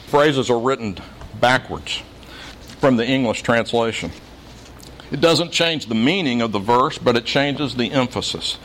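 A man's voice: mid-range voice, a little slow, a bit bright. A middle-aged man preaches in a plain, conversational way. He mixes scripture with homely stories and dry humor. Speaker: pastor. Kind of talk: sermon.

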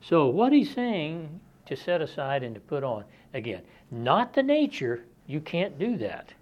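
A man's voice: on the high side, big pitch swings, a little slow. A man preaching an expository sermon, reading scripture aloud and explaining it in a conversational, plain-spoken way. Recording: dull lo-fi sermon recording.

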